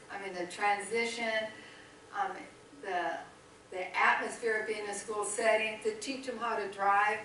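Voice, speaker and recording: A middle-aged woman missionary telling a lively story from the pulpit and acting out both sides of a conversation. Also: medium pitch, a little hiss or hum. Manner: animated, chatty storytelling with quoted dialogue. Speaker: missionary guest speaker. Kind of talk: storytelling testimony in a church service. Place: church sanctuary. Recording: echoey church hall, voice from a distance.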